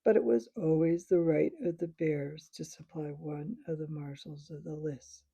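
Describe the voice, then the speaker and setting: A drowsy, earnest male bear speaks in a thick, sleepy voice, as a woman puts him on. The tone sits low and gravelly, with a dark, husky edge. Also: fairly even intonation, unhurried, exaggerated voice.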